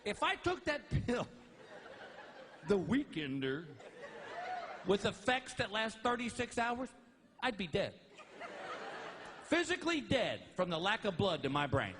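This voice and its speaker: A middle-aged man performing stand-up comedy with a fairly high voice that leaps all over the place. He keeps shouting his punchlines and chuckling mid-sentence, with a faint hiss underneath. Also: a little slow, pauses often, in a large hall. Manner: animated, shouts punchlines and laughs mid-line.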